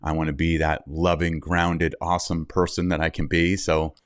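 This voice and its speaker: A man's voice: rumbling low, normal speed, no room sound. A middle-aged man, a podcast guest, telling a personal story candidly and acting out the things people said. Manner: candid, animated storyteller who acts out quotes. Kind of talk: interview storytelling.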